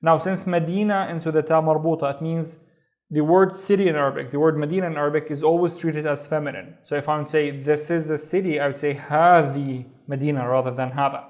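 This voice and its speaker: A man teaching a beginner reading lesson, sounding out syllables slowly and patiently and repeating each word. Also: on the high side, steady tone, darkish tone. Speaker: language teacher.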